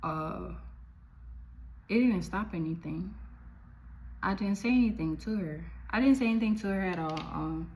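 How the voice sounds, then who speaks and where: A young woman telling a personal story to camera in a chatty, animated way, full of fillers. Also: mid-range voice, normal speed, pauses often, low-quality recording. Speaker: vlogger. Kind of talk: casual storytime.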